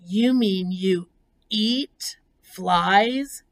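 A woman voicing an innocent, tender-hearted young male pig who pleads slowly and sounds aghast. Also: mid-range voice, big pitch swings, creaky, heavily acted.

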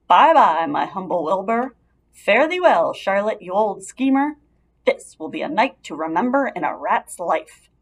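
A woman's voice: mid-range voice, big pitch swings, unhurried, husky, exaggerated voice. A woman voicing a greedy, sneering male rat in a storybook reading. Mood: gleeful. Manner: sneering, grumbling.

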